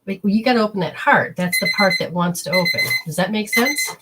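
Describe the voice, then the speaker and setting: A woman's voice: medium pitch, brisk, heavy background noise. A woman hosting a spiritual healing talk, explaining steps in a rambling, instructive way and speaking straight to her listeners. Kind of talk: casual teaching talk.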